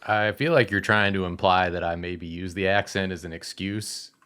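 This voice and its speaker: A man's voice: deep voice, moderate pace, a bit bright, clean tone. A man playing his character in an improvised tabletop role-play, smug and mock-serious. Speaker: player.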